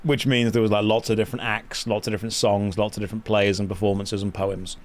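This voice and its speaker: A man's voice: on the low side, little pitch movement, quick pace. A British man hosting a gaming stream, chatting casually and telling rambling anecdotes with wry humour. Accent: British English. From Britain. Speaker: streamer host. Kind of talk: casual chat while gaming.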